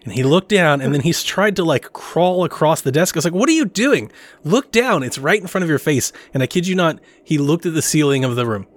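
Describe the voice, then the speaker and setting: A man in his thirties co-hosting a casual chat, telling animated stories. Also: a little high, fast, hardly any pauses. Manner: animated storyteller, acts out family quotes with laughter. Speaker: podcast co-host.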